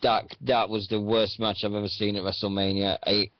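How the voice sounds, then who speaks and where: This radio host talks about wrestling in a loose, meandering way, stumbling over lots of filler words. His voice sits on the low side with a flat delivery at normal speed, and the audio is dull and dry.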